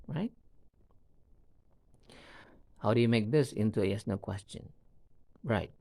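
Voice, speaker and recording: Guy teaching english on video, mellow low voice, keeps asking "right?". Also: expressive, vocal fry, no echo. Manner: slow, repetitive, checks in with "all right?" and "right?". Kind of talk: video lesson.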